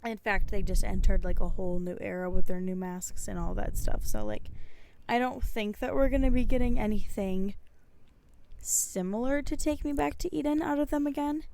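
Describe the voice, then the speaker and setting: A woman's voice: mid-range voice, expressive, normal speed, gravelly, darkish tone, slight background noise. A woman co-hosting a casual podcast chat, joking with dry understatement. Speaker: podcast co-host.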